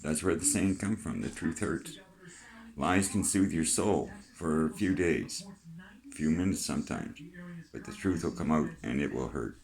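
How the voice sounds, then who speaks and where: A man's voice: extremely low pitch, normal speed, crowd noise. An older man with a Canadian accent, talking freely in a rambling vlog monologue, chatty and plain-spoken, swearing now and then. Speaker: vlogger.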